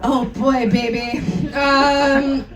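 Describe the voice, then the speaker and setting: A woman's voice: high voice, flat delivery, extremely slow, faint music behind. A tipsy woman giving a live comedic reading, giggling and cursing through asides. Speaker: dramatic reader. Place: live event venue. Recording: roomy echo.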